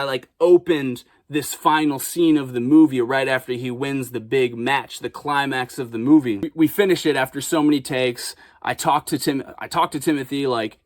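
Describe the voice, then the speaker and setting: A young man from Chicago tells a story in a relaxed, slangy way, cursing often. His pitch sits in an ordinary middle range. The sound is dry and close, with no room around it. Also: dry recording. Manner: animated, acts out quotes in raised voices, swears freely. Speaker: vlogger. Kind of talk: casual storytelling.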